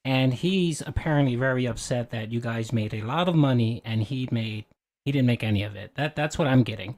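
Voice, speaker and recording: A man hosting a livestream, recapping events in a fast, excited, casual way. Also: mid-range voice. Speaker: stream host.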